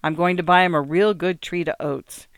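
A man's voice: high voice, steady tone, moderate pace, a bit bright, smooth, no room sound, clean studio sound. A man voicing a kindly, cheerful farmer father who talks in plain, homely country speech.

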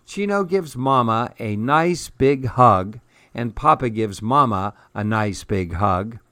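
Brief: gentle male read-aloud narrator, unhurried, dry and close. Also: medium pitch, expressive, no echo. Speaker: storyteller. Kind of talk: children's storybook read-aloud.

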